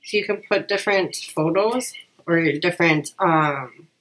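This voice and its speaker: Lady with a cold talking low, rambling unboxing chat, lots of likes and ums. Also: a little slow, a bit bright, poor audio. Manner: chatty, rambling, many fillers. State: has a cold, voice lowered. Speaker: vlogger.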